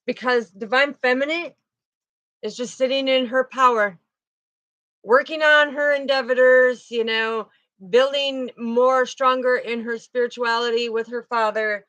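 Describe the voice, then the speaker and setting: Chatty woman tarot reader, higher voice. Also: steady tone, measured pace, fairly bright tone, no room sound. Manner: chatty, with frequent "you know" and "okay". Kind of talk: casual spiritual card reading.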